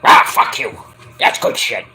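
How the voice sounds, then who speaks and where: A man doing an impression of a furious older male wrestling company boss who yells and rants. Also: a little slow. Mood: raging. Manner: yelling, ranting, firing people.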